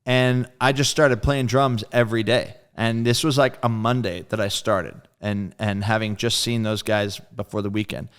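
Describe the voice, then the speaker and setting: Man with a smooth, resonant voice. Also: lowish voice, normal speed, few pauses. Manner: animated storyteller who acts out quoted friends; loose and profane, full of "like". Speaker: guest drummer. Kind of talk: casual storytelling interview.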